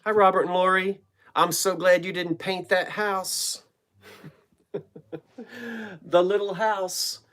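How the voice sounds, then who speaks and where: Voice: medium pitch, flat delivery, slow pace, pauses often, fairly bright tone. A middle-aged host from New Jersey, chatting casually on a live stream from a home basement and greeting viewers by name.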